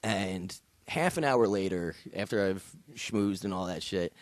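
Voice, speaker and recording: A male comedian spins a story on a podcast with punchy, profane delivery. His pitch swings widely as he builds the tension. The sound is dry and close, with no room echo. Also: animated, unhurried. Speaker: guest comedian. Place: studio with podcast guests.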